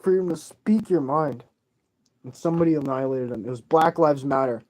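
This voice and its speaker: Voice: mid-range voice, a little fast, a little mellow. A vlogger delivering an agitated, rambling, profane rant to camera while tearful.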